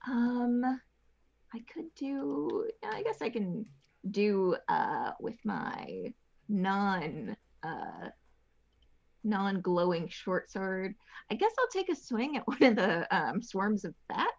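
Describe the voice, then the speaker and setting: Woman gamer, slow and playful, pitch bouncing all over, dull lo-fi mic. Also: sing-song, vocal fry. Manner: playful, giggly. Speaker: player. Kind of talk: casual tabletop game chat.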